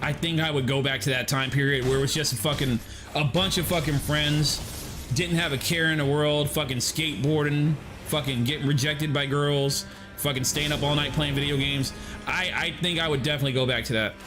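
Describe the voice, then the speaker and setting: A man streaming a game, telling a story in an animated, profane casual way. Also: fairly high pitch, a little fast, over music. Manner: animated, profane, lots of restarts and swearing. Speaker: gaming streamer.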